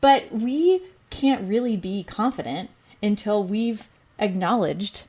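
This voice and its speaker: A woman's voice: mid-range voice, animated, slow, a little mellow. A woman in her thirties, a mother co-hosting a talk show, talking reflectively in casual chat with many "you know" fillers. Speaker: co-host.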